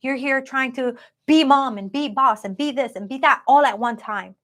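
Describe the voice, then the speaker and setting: A woman's voice: sits high, normal speed, a bit bright. A woman giving a live-streamed tarot reading in a chatty, upbeat way, talking straight to her viewers. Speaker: tarot card reader.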